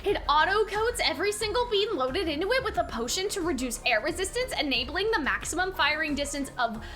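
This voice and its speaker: A woman voicing an excitable, nerdy young male inventor, gushing and congratulating himself. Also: very high voice, faint music behind. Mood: excited. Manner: rapid, gushing, self-congratulating.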